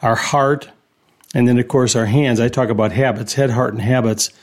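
A man's voice: mid-range voice, fairly even intonation, moderate pace. A man hosting a Christian radio show, speaking in an encouraging, preacherly way to listeners. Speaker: radio host and Bible teacher.

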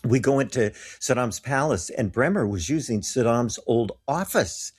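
A man with a husky, expressive, medium-pitched voice talks at a moderate pace as a guest recounting mission trips. His personal storytelling is earnest and animated, complete with acted-out voices for the people he quotes.

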